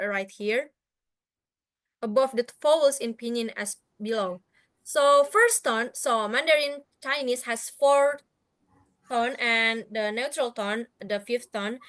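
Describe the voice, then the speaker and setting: Young indonesian-accented woman presenting slides on a video call, kinda high, smooth clear voice, lots of uh and restarts. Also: fairly bright tone. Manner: hesitant, many fillers and restarts. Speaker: guest speaker.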